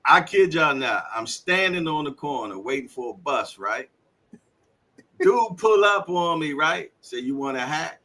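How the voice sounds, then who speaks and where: A man's voice: on the high side, a little slow. A man from Washington, D.C. co-hosting a podcast, telling stories in casual chat and acting out the dialogue. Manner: animated storyteller acting out dialogue. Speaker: podcast co-host. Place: live stream setup.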